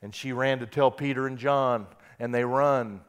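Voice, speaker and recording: Impassioned preacher man, smooth voice. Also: medium pitch, steady tone, normal speed, highs cut off. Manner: builds to loud impassioned peaks, then drops to quiet; reads scripture aloud with emphasis. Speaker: pastor. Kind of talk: sermon.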